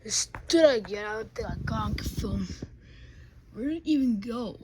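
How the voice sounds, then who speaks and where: A woman's voice: a little high, animated, normal speed, background noise. A woman playing out scenes with plush toys, playfully switching between character voices and asides to viewers. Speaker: plush toy video maker.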